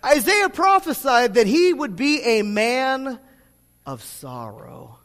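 A man preaching a sermon as pastor, talking in a loose, conversational way with lots of fillers, then pushing into loud, emphatic stretches. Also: very high voice, big pitch swings, slow pace. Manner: conversational preaching full of "you know" fillers, rising to loud emphatic bursts. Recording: long hall reverb.

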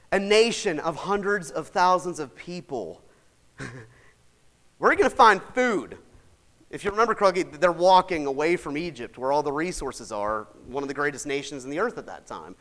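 Animated high-voiced male preacher. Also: normal speed. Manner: animated, swings from shouting to soft asides, acts out quotes; folksy, chatty, laughs often. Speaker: pastor. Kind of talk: sermon.

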